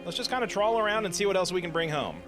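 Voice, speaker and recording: A man's voice: high voice, big pitch swings, quick pace, over music. A man hosting a casual let's play, chatting playfully and meowing to himself while he fishes. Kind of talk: casual gameplay commentary.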